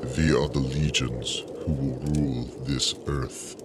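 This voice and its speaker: A man voicing a menacing demonic male super soldier in a deep growling voice, slow and distant. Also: little pitch movement. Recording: music playing under the voice.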